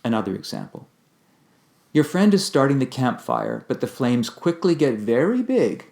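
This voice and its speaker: A man giving a calm, measured instructional talk on communication, explaining ideas step by step. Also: medium pitch, creaky. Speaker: communication teacher.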